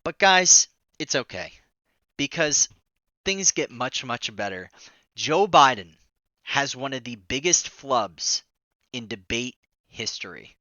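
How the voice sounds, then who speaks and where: A man hosting a political commentary vlog, excitable and indignant, exclaiming often. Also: medium pitch, slow, no room sound, dull audio.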